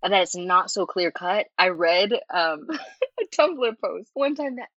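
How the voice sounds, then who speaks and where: A woman guest in a casual chat, talking in an animated way with frequent laughs and filler words. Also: lowish voice, measured pace, no echo. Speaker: interview guest, fanfiction writer. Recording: muffled lo-fi audio.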